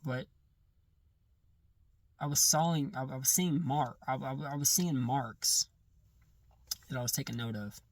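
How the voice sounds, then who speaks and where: A man recounting a personal testimony in casual first-person storytelling, halting and often restarting or correcting himself mid-sentence. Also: medium pitch, no echo, distant mic.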